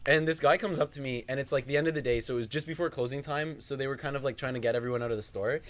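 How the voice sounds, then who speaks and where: A young man co-hosting a casual podcast from home, easygoing and quick to laugh along. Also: medium pitch, fairly bright tone. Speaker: podcast co-host. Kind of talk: casual chat.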